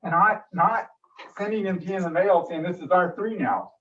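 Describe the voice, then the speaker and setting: Man, public comment, impassioned, frustrated, higher voice, distant mic, muffled sound. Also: a little fast. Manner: emotional, pleading, frustrated. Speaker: public commenter at a city meeting. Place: council meeting room. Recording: distant dull room mic.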